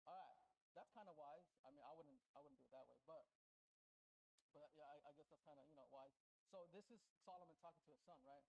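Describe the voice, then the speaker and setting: A man delivers a sermon in a church in a loose, conversational way. He talks fast, with a voice pitched a little high. He keeps checking in with his listeners as he goes. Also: darkish tone, poor audio. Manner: chatty, often asks the congregation "right?". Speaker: preacher. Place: church sanctuary indoors.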